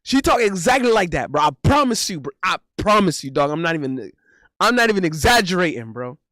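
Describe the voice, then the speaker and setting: A man's voice: sits high, big pitch swings, a little fast, bright, forceful tone, no echo, clean studio sound. Young man streaming, loose slangy banter. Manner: loose, repetitive, swears, says bro a lot. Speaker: streamer host. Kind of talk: casual live-stream banter.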